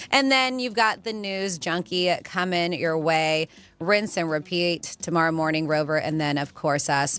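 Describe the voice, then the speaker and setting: A woman co-hosting a radio talk show, telling stories in an animated, chatty way. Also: lowish voice, smooth. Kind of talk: casual radio chat.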